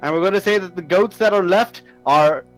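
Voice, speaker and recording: A man narrates a tabletop game as its game master, pitched high and full of swearing and laughter. Faint music plays behind him. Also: fairly quick, rough recording. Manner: laughing, profane, animated storytelling.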